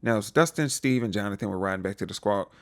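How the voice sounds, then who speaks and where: A young man hosting a casual TV recap, animated and joking, acting out the characters' lines with playful slang. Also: fairly low pitch, quick pace. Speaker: recap show host.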